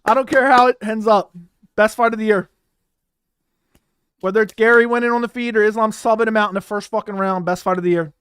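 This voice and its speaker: A young man with a high voice hosts a live fight watch-along. He talks in a loose, animated way, curses freely and keeps repeating lines. The sound is dry and close to the mic. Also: a little fast, clean tone, no echo. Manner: animated, swearing, repeats himself, bursts into loud outbursts. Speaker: host reacting to a live fight.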